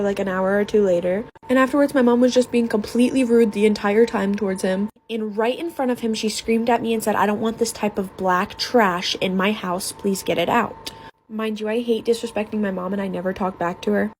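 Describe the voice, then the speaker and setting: A nineteen-year-old woman telling a personal storytime, rapid and emphatic. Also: medium pitch. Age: about 19. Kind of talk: storytime video.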